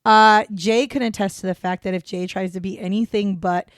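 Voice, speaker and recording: A woman's voice: medium pitch, steady tone, normal speed, dry recording, studio quality. A woman co-hosting a casual true-crime podcast, rambling and self-deprecating, breaking into giggles as she talks. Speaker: podcast co-host.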